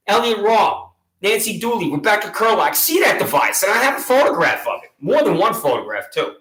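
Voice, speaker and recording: A high-voiced man rants to camera with biting sarcasm, his tone bright and edgy. He mocks and taunts, indignant throughout. The echoey room rings around his voice. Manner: loud rising taunts at times. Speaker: local activist vlogger. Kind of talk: ranting monologue to camera.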